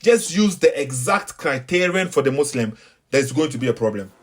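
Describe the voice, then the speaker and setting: Ghanaian male host, higher register, repetitive, emphatic commentary. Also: animated, moderate pace. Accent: Ghanaian English. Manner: preachy, repeats himself, emphatic. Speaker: online debate host. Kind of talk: casual commentary between calls.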